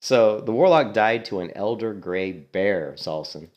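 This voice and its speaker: A man's voice: lowish voice, lively intonation, a little slow, lo-fi sound. A man giving casual commentary on his gameplay, amused and retelling chat messages. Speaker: game streamer.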